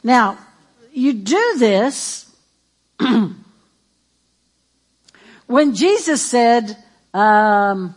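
A woman preaching a sermon in an animated, emphatic and playful way. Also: mid-range voice, extremely slow, pauses often.

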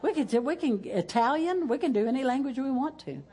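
A woman's voice: sits high, animated, fairly quick, warm tone, breathy edge. A woman pastor speaks to her church in a folksy way, dropping in praise interjections and ending with a chanted prayer. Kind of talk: church service talk and closing prayer.

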